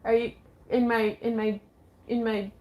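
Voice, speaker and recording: A woman's voice: on the high side, level tone, a little slow, a little mellow. A chatty woman hosts a casual craft livestream from her front porch, talking as she works. She greets viewers by reading their comments aloud and laughs often. Her voice sits close on the mic. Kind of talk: casual chat while crafting.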